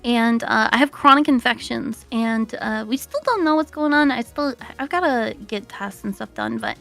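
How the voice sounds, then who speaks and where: A woman's voice: a little high, moderate pace, gravelly, a bit bright, faint music behind. A woman being interviewed as a VTuber guest, chatting casually and giggling often between fillers.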